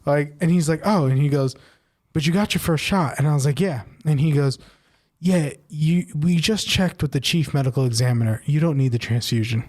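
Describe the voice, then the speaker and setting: A man's voice: fairly high pitch, a little fast. A man co-hosting a podcast, telling a long personal story in casual chat and tagging on "right?" a lot. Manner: animated, repeats "right?" often, acts out quoted voices. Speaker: podcast co-host.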